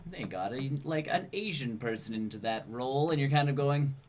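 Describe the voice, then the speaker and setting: A man's voice: mid-range voice, expressive, a little fast, darkish tone, a little hiss or hum. A man co-hosting a casual gaming podcast, telling stories and mimicking voices for laughs. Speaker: podcast co-host.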